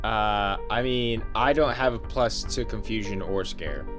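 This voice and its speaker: A man's voice: on the low side, measured pace, a bit bright, faint music behind. A man playing a tabletop game, laid-back and casual. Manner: laid-back, says "dude". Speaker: player.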